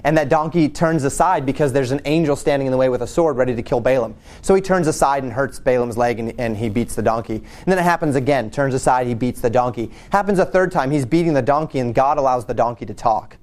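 Talking quickly with hardly any pauses, this pastor's mid-range, darkish voice carries a conversational sermon that retells a Bible story. He keeps restarting and repeating himself along the way.

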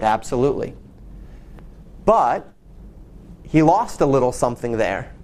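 Male preacher, relaxed storyteller teaching a Bible passage, a touch high-pitched, often doubles his words. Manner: storytelling, with quick repeated words.

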